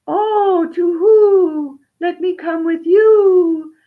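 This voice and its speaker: A woman voicing a small, eager male owl in a storybook tale, with high hooting cries. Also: very slow, narrow, tinny audio, full character voice. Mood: pleading.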